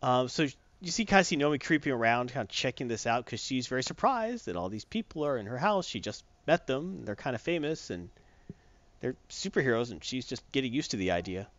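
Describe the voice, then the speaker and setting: A man casually retelling a comic book story, acting out lines in quick voices. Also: mid-range voice, big pitch swings, a bit bright, no echo, dull audio. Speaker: comic recap host.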